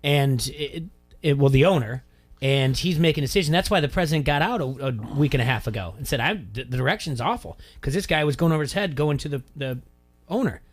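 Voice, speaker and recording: A man's voice: on the high side, animated, fast. A young man co-hosting a sports talk radio show, easygoing and teasing in casual banter.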